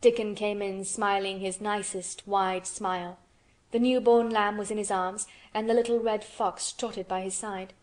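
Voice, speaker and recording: A woman narrating an audiobook of a classic children's novel in a steady, measured reading. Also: medium pitch. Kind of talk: scripted narration.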